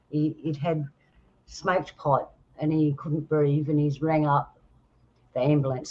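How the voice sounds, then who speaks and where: A host chats and rambles through a funny story, laughing along the way. The voice sits at a middle pitch, and the recording sounds dull and lo-fi. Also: a little mellow. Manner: chatty, laughing, rambling anecdote. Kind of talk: casual chat and storytelling.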